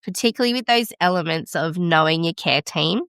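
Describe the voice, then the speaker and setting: A woman midwife hosting a podcast, chatting casually and warmly affirming her guest. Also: fairly low pitch, animated, a little fast, smooth, dry recording, studio quality. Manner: enthusiastic and affirming. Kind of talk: casual interview chat.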